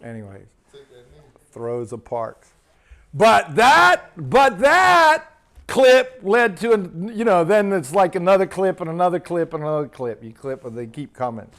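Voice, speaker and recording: A man's voice: sits high, sing-song, moderate pace, a bit bright. A man hosting his channel, casually retelling funny clips and laughing at his own stories. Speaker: minister and channel host. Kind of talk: casual storytelling chat.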